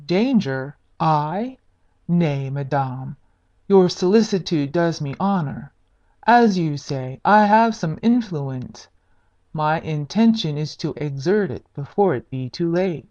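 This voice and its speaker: A woman voicing a cold, drawling aristocratic gentleman with stiff, formal politeness. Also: deep voice, expressive, slow, muffled recording. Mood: impatient.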